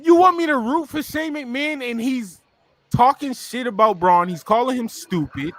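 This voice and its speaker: A man co-hosting a casual wrestling talk show, ranting animatedly and often shouting. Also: very high-pitched, moderate pace, dry recording. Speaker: podcast co-host.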